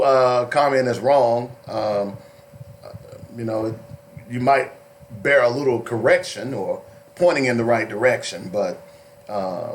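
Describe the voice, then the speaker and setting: Chatty man hosting radio. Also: mid-range voice. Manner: loose and chatty, laughs often, many fillers. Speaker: radio talk show host. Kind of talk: casual call-in radio talk. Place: radio studio, alone. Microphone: studio microphone.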